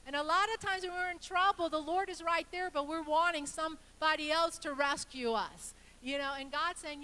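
A woman pastor delivers a sermon in a high, bright voice. She preaches conversationally, with restarts and asides, and acts out the voices of the people in her stories. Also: moderate pace, few pauses, rough recording. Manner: acts out quoted voices in storytelling.

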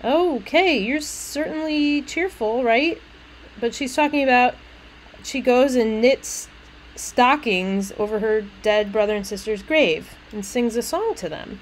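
Chatty, animated woman lecturing on poetry. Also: a little high, moderate pace, a little hiss or hum, poor audio. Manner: chatty, animated, explains with casual asides. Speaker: literature lecturer. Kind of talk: recorded lecture reading a poem aloud.

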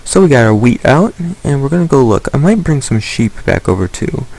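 A man's voice: mid-range voice, big pitch swings, fairly quick, vocal fry, a little mellow, poor audio. A man giving casual let's-play commentary, playfully talking to the animals in the game. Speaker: gaming commentator.

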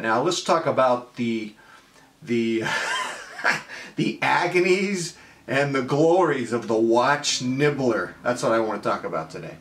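A man's voice: medium pitch, fairly bright tone. Wry man talking in a roomy space. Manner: wry, playful, self-mocking. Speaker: watch vlogger. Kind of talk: casual humorous monologue. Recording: roomy echo.

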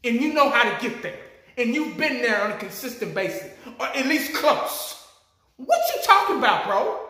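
A sports fan vlogger rants with plenty of profanity, his high man's voice bright and ringing. His pitch leaps up and down as he gets worked up. The recording sits in a very echoey room. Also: moderate pace, pauses often. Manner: animated, profane, ranting. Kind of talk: ranting fan commentary.

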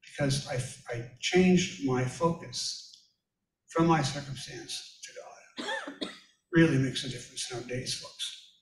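A man's voice: mid-range voice, slow pace. A male pastor giving a conversational sermon, telling personal stories in a folksy way and speaking directly to his listeners. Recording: echoey room, distant from mic.

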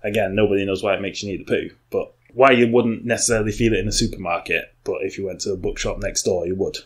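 A young man with a lowish voice talks through a podcast topic in loose, casual chat. He wanders and restarts his sentences, leaning on lots of "like" and "you know" as he thinks aloud. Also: steady tone, quick pace, husky. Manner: rambling, full of "like" and restarts. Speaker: podcast co-host.

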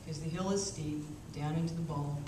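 A woman's voice: deep voice, steady tone, a little fast, warm tone, slight background noise. Woman telling a wry story, echoey hall. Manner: wry, anecdotal, self-mocking. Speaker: keynote speaker. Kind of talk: storytelling speech. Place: large hall, conference. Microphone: small camcorder far off. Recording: echoey hall, far from camcorder.

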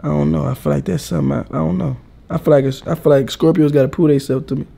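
A young man vlogging, chatting casually and teasing with a playful, laughing manner and a raspy voice. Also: on the high side, fairly even intonation, fast, warm tone, slight background noise.

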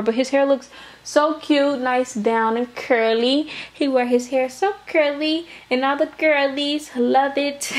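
A young woman from Wisconsin chatting casually and rambling on a vlog, a little out of breath. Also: on the high side. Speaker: doll-collecting vlogger. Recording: echoey room.

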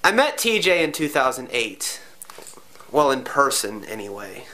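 A man's voice: mid-range voice, sing-song, a little slow, sharp tone, slight background noise. A man speaking in a documentary interview, hesitant and self-conscious.

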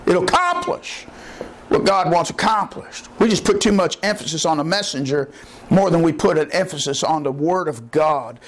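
A man preaching a sermon as pastor of a church, impassioned and folksy, rising to shouts. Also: a little high, big pitch swings, normal speed, slight background noise.

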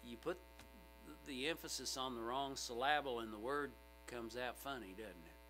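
A middle-aged male pastor preaching a sermon in a church sanctuary, emphatic and swinging from loud outbursts to hushed asides. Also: mid-range voice, moderate pace, slight background noise, low-quality recording.

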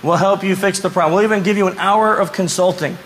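A man giving a conference talk, telling stories in a lively way and acting out the people he quotes. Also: sits high, fast talker, a little hiss or hum, rough recording. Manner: animated storyteller, acts out quoted voices. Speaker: conference speaker. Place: conference room before an audience.

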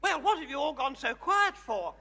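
A man's voice: big pitch swings, normal speed, vocal fry, exaggerated voice. A man playing a brash, self-adoring older woman diva with an Australian accent, doing live stage comedy. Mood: bossy. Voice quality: high, bright and theatrical. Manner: bossy, fussing and self-adoring. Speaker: comedy host. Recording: live theatre with hall reverb.

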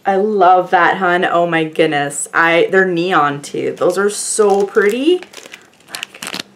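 A woman's voice: on the low side, slow pace, fairly bright tone, slight background noise. A woman vlogger chatting casually to the camera, gushing and effusive as she rambles on. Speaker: beauty vlogger opening fan mail.

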